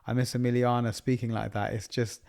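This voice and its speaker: Brief: dad co-host, thirties, gravelly voice, warm sentimental storyteller in a casual chat. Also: male voice, mid-range voice, little pitch movement, fairly quick. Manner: sentimental, laughs through stories. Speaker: podcast co-host.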